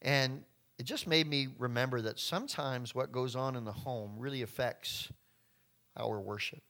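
A man's voice: mid-range voice, normal speed, pushed and bright. A middle-aged man preaching a conversational sermon, often acting out voices and asides. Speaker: pastor.

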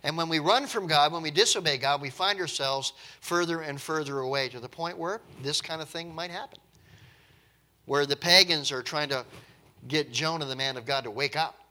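A man's voice: fairly high pitch, normal speed, bright, forceful tone. A man preaching a conversational, emphatic sermon, often repeating his words as he explains.

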